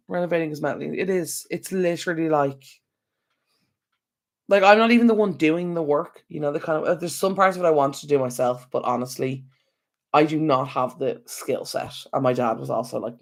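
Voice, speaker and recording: A man's voice: on the high side, a little fast, gravelly. Tired, chatty Irish man on a live stream. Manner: rambling, chatty, talks to viewers directly. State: tired and yawning. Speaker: channel host. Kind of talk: casual live-stream chat. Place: at home. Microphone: external microphone.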